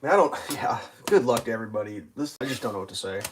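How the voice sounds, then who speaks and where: Medium pitch, fast. A live streamer launches into profane, rambling traffic stories, with "like" everywhere and animated, loud outbursts where other drivers get acted out.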